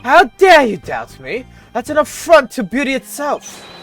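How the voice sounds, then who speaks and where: A streamer voicing a vain, flamboyant, beauty-obsessed man in a game read-through, with a haughty, drawn-out theatrical delivery. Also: high-pitched, sing-song, soft background music, voice pushed up. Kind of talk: game dialogue read aloud.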